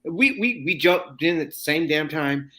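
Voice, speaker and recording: A man in casual chat, excitable and rambling, swearing freely. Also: on the high side, a little slow.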